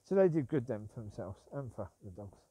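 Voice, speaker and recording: Brisk and very animated, this man's mid-range voice is dark and slightly rough, with no echo. He's a vlogger rambling as he walks his dogs outside at night, grumbling and repeating himself.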